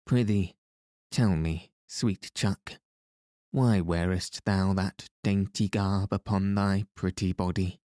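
A man's voice: low-pitched, fairly even intonation, slow pace, warm tone, dry recording, clean studio sound. A man voicing a merry, bold male outlaw hero who speaks in playful, mock-courtly old-fashioned phrases in a storybook reading. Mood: teasing.

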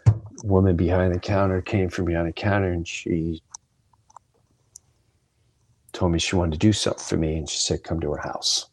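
A man's voice: low-pitched, steady tone, moderate pace, pauses often, darkish tone. A man hosting a solo podcast, telling candid, emotional stories full of quoted dialogue. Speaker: podcast host. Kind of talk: solo storytelling monologue.

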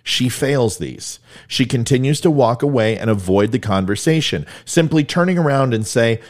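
A man's voice: mid-range voice, lively intonation, moderate pace. A man giving blunt, emphatic video commentary, explaining events step by step. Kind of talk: video commentary on police footage.

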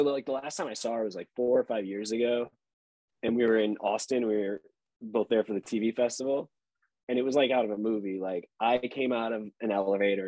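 A man's voice: lowish voice, darkish tone, dry recording. A man in his thirties, an actor guest on a podcast, telling laid-back stories and swearing casually.

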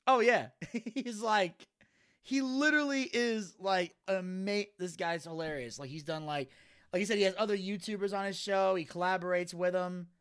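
A man's voice: sits high, moderate pace, smooth. A man co-hosting a podcast, chatting casually and acting out voices as he retells a funny video, laughing often. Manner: animated storyteller, acts out voices while retelling. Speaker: podcast co-host. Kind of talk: casual chat.

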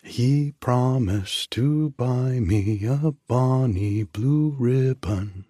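A man voicing a spirited seventeen-year-old girl in an audiobook, speaking gravely and a little stately. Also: lowish voice, big pitch swings, unhurried, darkish tone, no room sound, studio quality, full character voice. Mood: singing.

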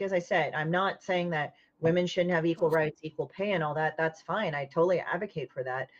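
A woman comic artist in casual podcast chat, talking bluntly and swearing freely as she retells a falling-out with lively energy. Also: sits low. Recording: dull lo-fi audio.

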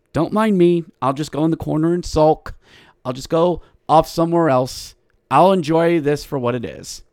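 Male podcast host, chatty and wry, mid-pitched voice, dry close sound. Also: no echo. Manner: chatty and joking, self-mocking asides. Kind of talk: casual hockey podcast commentary.

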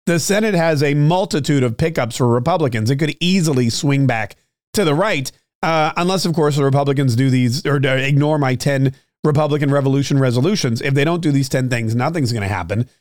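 A man hosting a solo political commentary show, talking straight to his listeners with many fillers and restarts, his throat a little rough. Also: medium pitch, fairly quick, a little mellow, dry recording, clean studio sound. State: clearing his throat, slightly choked up. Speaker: political podcast host.

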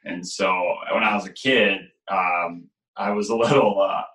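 A man's voice: low voice, a little slow. A man who coaches goalies, talking casually and telling stories with lots of fillers. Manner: relaxed storytelling with many fillers. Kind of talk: casual conversation. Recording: echoey room.

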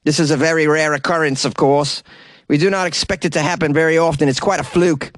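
A man voicing an earnest, puzzled male bird conservationist in an attempted South African accent, mock-serious and halting. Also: a little high, steady tone, no echo, studio quality, pitched above the performer's own voice, natural voice.

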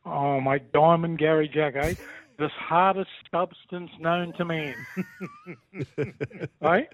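A man's voice: a little high, level tone, measured pace. An older Australian man, a former footballer calling in, joking and ribbing his mate and saying "mate" constantly. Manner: rowdy, jokey, says mate constantly. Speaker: former rugby league player calling in. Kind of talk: casual banter. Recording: tinny phone line, dry.

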